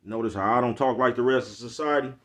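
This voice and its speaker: A man's voice: medium pitch, fast. Blunt profane man with an Oakland accent. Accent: Bay Area Black American English. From East Oakland, California. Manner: blunt, profane street talk, repeats "you know what I'm talking about". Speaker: vlogger. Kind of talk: casual monologue.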